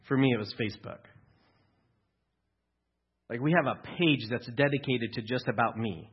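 A man preaches to his congregation in a relaxed, conversational way, slipping in dry jokes. His voice is somewhat husky. The recording sounds a little dull and lo-fi, as if taken in a church. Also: medium pitch, normal speed. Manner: conversational preaching with dry humor and acted-out quotes. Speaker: pastor. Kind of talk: sermon.

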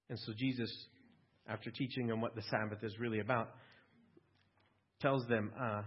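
Male pastor, husky voice, conversational sermon style, dull lo-fi recording. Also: on the low side, fairly even intonation, moderate pace, pauses often. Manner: conversational, asks listeners questions, small restarts.

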